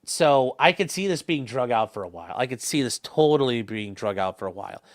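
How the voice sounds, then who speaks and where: A man's voice: mid-range voice, animated, brisk. A young man hosting a casual livestream, rambling through legal talk and viewer comments with plenty of fillers and restarts.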